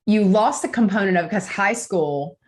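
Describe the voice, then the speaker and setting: A woman's voice: medium pitch, moderate pace, crowd noise. A woman co-hosting a podcast in casual chat, supportive and given to jokes. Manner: supportive, joking. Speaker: podcast co-host.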